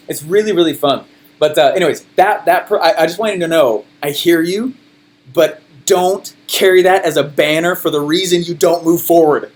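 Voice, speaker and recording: A man coaching a group on sales, emphatic and high in energy. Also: brisk.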